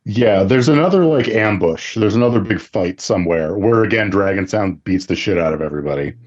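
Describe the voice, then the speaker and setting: A man's voice: fairly low pitch, lively intonation, fairly quick, a little mellow, highs cut off. A man co-hosting a casual podcast chat with laid-back, dry remarks. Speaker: podcast co-host.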